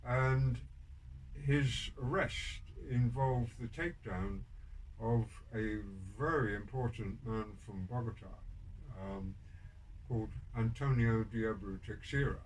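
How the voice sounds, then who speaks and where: A man's voice: mid-range voice, slow. An older man telling prison stories on a podcast, rambling with many ums and restarts and a dry, wry humor. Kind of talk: casual storytelling interview. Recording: distant mic with background noise.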